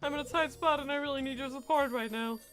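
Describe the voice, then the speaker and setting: A woman's voice: high voice, fast, a bit bright, faint music behind. A woman voicing a pushy, scheming young man who rattles off wheedling sales patter; Danish is her first language.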